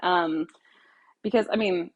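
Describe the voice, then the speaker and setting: A woman's voice: on the low side, takes it slowly, highs cut off. A young woman vlogging casually from her big home kitchen, talking in a loose, rambling way with lots of fillers and restarts, a little out of breath. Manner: rambling, talkative, self-interrupting with fillers. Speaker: cooking vlogger. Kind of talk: casual chatty kitchen vlog.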